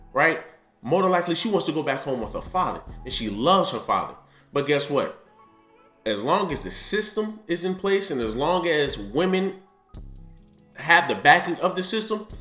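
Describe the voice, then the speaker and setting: A man's voice: a little high, pushed and bright, echoey room. A man hosting a blunt, ranting commentary on clips, repeating his points. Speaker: commentary host. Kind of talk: reaction commentary.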